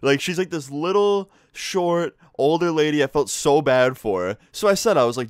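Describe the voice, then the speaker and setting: A man's voice: fairly high pitch, expressive, moderate pace, hardly any pauses, smooth, no echo, studio quality. A young man telling a school story in a casual storytime vlog, cursing freely and talking animatedly. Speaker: vlogger.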